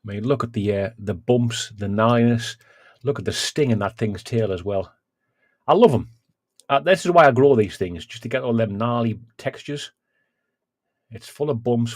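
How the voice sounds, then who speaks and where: A man's voice: medium pitch, normal speed, dry recording, studio quality. Man coughing through chilli heat. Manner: chatty, with coughs, sighs and exclamations from hot chilli. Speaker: livestream host. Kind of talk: casual livestream chat.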